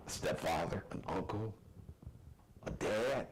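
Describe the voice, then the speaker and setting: Animated man hosting a live show. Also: fairly low pitch, slow pace, a little hiss or hum, poor audio. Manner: passionate, preachy, animated delivery. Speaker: host. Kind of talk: live commentary show monologue.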